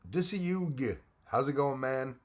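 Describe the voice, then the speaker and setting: A Canadian man hosts a live stream, chatting casually and greeting viewers by name. His mid-range voice is expressive and slow, and he rambles with frequent restarts.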